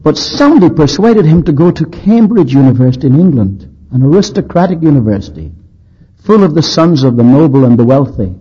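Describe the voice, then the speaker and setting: A man's voice: fairly high pitch, sing-song, fairly quick, warm tone, slightly rough, highs cut off. A man preaching a sermon, telling historical stories in an anecdotal, dryly humorous, emphatic way.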